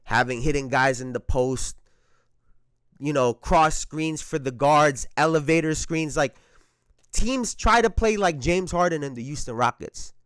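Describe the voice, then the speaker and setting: A man's voice: fairly high pitch, a little slow, fairly bright tone, smooth, dry recording, clean studio sound. A man hosting a basketball commentary channel, giving his opinions in a conversational, emphatic way.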